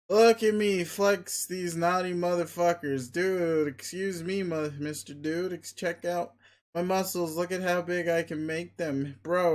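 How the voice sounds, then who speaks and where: A man doing a bragging crude muscle creature. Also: high-pitched. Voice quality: loud, bragging, swears constantly. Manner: bombastic, pushy, commanding. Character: boastful muscle-obsessed male creature, crude. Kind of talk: dramatic reading of a webcomic.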